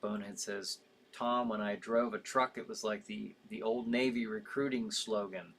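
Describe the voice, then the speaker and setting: A man's voice: fairly low pitch, steady tone, normal speed, fairly bright tone, a little hiss or hum. A man hosting a live show in casual chat, reading out viewer comments with sympathy, rambling with frequent fillers and easy laughs.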